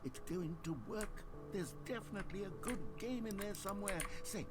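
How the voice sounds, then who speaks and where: A man's voice: high voice, moderate pace, loud music behind the voice, close to an everyday voice. A man doing a wry game narrator. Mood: musing. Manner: polite, whimsical, mock-encouraging. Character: genteel British male narrator, wry and theatrical.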